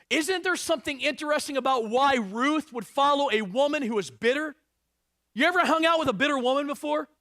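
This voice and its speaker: A man preaching a sermon with a fairly high voice. He reads scripture with swelling emphasis and slips in jokes for the congregation. The sound is dry and close. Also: no echo. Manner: animated and joking, reads scripture with rising emphasis. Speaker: pastor.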